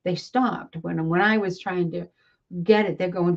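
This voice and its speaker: A woman working as a psychic medium, explaining her experiences calmly and in a measured way during a casual live conversation. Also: fairly low pitch, gravelly, lo-fi sound.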